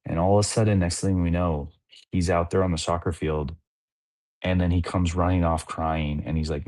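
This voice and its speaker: Low-voiced dad rambling casually. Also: male voice, a little mellow, no room sound. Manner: rambling, heavy use of "like" fillers. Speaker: podcast co-host, father. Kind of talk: casual chat.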